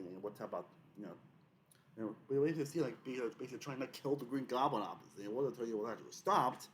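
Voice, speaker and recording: A man's voice: fairly low pitch, slight background noise. A young man hosting a casual video essay, rambling with many fillers and restarts.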